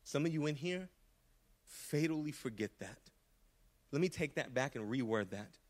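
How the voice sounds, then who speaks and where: A man's voice: medium pitch, animated, normal speed. A man preaching a sermon in a church, earnest and impassioned, often restarting his words. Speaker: pastor. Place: church sanctuary.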